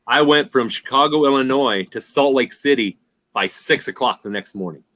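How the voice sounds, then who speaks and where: A middle-aged man with a bright, forceful voice hosts a home livestream. He rambles through road stories, peppers his talk with "freaking" and laughs often. The delivery is loose and chatty. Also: mid-range voice, moderate pace. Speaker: livestream host. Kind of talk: casual chat and storytelling.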